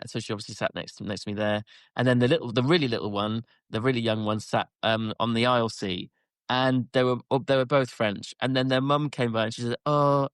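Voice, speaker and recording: Male podcast co-host, casual rambling storyteller, mid-pitched, dry close sound. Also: no echo. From England. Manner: rambling storyteller, laughs often. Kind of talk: casual chat.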